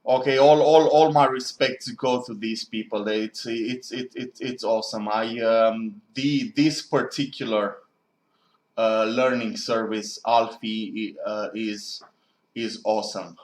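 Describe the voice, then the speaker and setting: A man's voice: on the low side, steady tone, measured pace. A man talking in a casual, rambling monologue as a student, musing and often correcting himself. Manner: musing, digressive, self-correcting. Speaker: student vlogger. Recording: echoey room.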